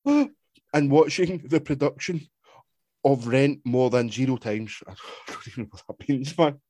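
A man's voice: mid-range voice, expressive, measured pace, a little mellow, dry recording. Laughing man reading, dry sound. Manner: laughing, swearing banter. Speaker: podcast co-host. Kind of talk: casual chat and reading aloud.

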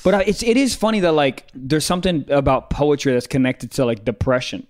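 A man's voice: a little high, fairly quick. A man co-hosting a podcast, joking crudely and firing off playful questions. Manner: profane, playful, full of questions. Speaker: podcast co-host. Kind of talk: casual comedic chat.

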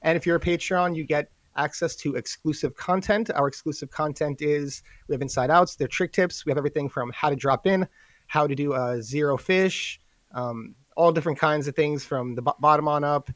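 A young man with a New York accent, co-hosting a podcast in an energetic, hyped-up chat. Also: fairly high pitch, a little fast, no echo. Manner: energetic, hyped-up promo delivery. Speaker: podcast co-host.

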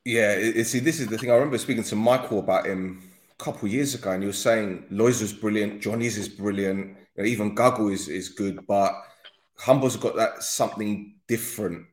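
A man's voice: fairly low pitch, brisk. Chatty man in an echoey room. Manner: chatty, rambling, jokey. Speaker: podcast host. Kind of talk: casual interview chat.

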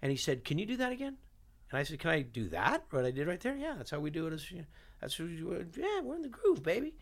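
A man with a somewhat high voice tells stories as a guest chef on an interview show. He talks with plenty of energy and acts out the people in his stories. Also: fast, gravelly. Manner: lively, acts out other people's lines. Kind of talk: animated storytelling.

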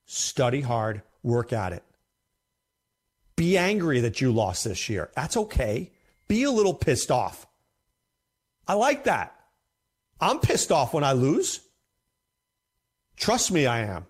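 A man's voice: mid-range voice, big pitch swings, slow, long pauses, breathy edge. A man hosting a fantasy football show, talking casually and emphatically, often repeating himself for effect. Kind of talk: casual commentary to camera.

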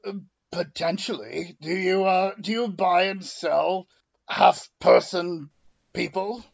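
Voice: mid-range voice, takes it slowly, gravelly, highs cut off. A tabletop player speaking in character, stiff and formal, with hesitant fillers. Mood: puzzled. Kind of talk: in-character tabletop role-play.

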